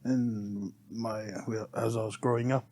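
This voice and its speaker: A middle-aged man, a podcast guest telling heartfelt personal stories in a soft, unhurried way and often laughing. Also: lowish voice, level tone. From New Zealand. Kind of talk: casual chat, personal storytelling.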